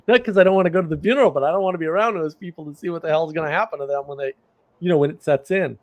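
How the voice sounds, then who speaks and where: A man's voice: on the high side, very fast. A middle-aged man hosting a livestream, telling rambling stories in casual chat with bursts of laughter. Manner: rambling, animated storytelling with laughs. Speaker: livestream host.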